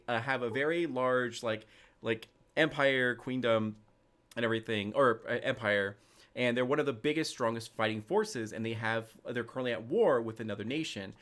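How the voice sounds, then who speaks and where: A man's voice: mid-range voice, normal speed, fairly bright tone. Man, game master, rambling narration, casual, lots of fillers.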